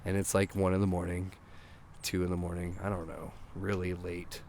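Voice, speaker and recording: A man, a songwriter guest, telling a rambling anecdote in a casual, animated way, swearing and acting out what people said. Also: deep voice, normal speed, crowd noise. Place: outdoors.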